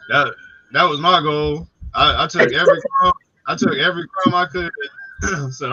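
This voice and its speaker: Laid-back, profane man chatting, bright-edged voice. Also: a little high, normal speed, dull audio. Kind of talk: casual late-night chat.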